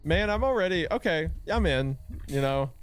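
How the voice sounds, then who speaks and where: A man's voice: on the high side, animated, moderate pace, clear, resonant tone, faint music behind. A man co-hosting a podcast, chatting casually, laughing easily, and reading a creepy story aloud.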